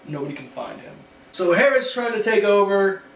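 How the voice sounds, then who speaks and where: Casual male comic host, loose rambling recap, a little high, roomy and off-mic. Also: very animated, normal speed, creaky, a bit bright, a little hiss or hum. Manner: loose storytelling with filler words and restarts. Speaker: comic book show host. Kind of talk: casual retelling of a comic story. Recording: echoey room, mic at a distance.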